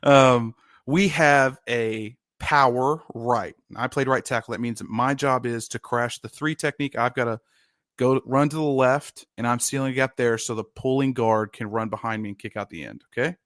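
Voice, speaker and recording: A man in his thirties co-hosting a sports podcast, telling football stories in a casual, animated way and laughing often. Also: medium pitch, moderate pace, dry recording, clean studio sound. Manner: animated storyteller, shouts quoted lines, laughs often. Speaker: podcast co-host, former lineman. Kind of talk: casual storytelling chat.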